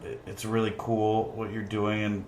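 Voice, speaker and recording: A man's voice: on the low side, completely flat delivery, moderate pace, darkish tone. A man chatting casually as a podcast guest, easygoing and joking, laughing often. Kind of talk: casual chat. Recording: roomy with faint noise.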